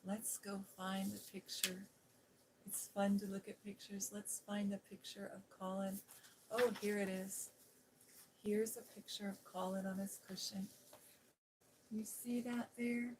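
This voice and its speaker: A woman host reading a classic novel aloud in a gentle, soothing ASMR style, with whispered asides. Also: mid-range voice, flat delivery, unhurried, noisy background. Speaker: storybook reader and ASMR host. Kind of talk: softly spoken ASMR story reading.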